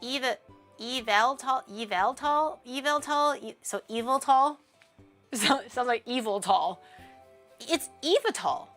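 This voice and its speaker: A woman's voice: fairly high pitch, a little slow, a bit bright, soft background music. A woman streamer chatting casually on a livestream, ranting and swearing freely with a laugh.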